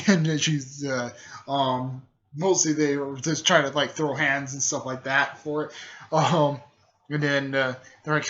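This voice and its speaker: A man's voice: medium pitch, fairly even intonation, measured pace, fairly bright tone. A man rambling casually through a fan story retelling, full of fillers and restarts, in a dull lo-fi recording.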